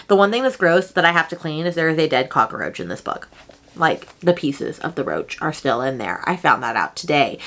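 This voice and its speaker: A woman's voice: fairly low pitch, a bit bright. A young adult woman chatting casually about her book haul, rambling from one thought to the next. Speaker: book vlogger.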